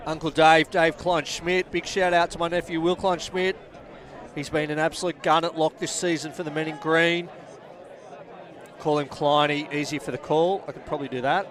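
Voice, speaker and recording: A man giving live play-by-play commentary at a local rugby match, switching between rapid calls of the action and relaxed chatty asides to viewers. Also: a little high. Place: outdoors at a rugby ground. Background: crowd at a local rugby match.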